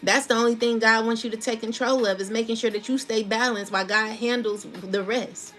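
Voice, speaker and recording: Lady doing a casual tarot reading, kinda high pitched, laughs a lot, slangy storytelling, faint music underneath. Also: steady tone, fairly quick, a bit bright. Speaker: tarot reader.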